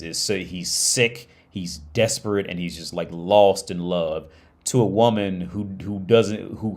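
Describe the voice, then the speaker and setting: A man hosting a livestream, retelling a story in a rambling, profane, casual way. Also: low voice. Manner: profane, rambling, many restarts. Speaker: livestream host.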